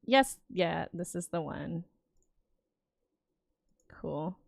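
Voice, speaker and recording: A woman's voice: fairly low pitch, animated, extremely slow, creaky, no echo, clean studio sound. A young adult woman streamer gives a casual, enthusiastic reaction to a games showcase and muses aloud as she goes.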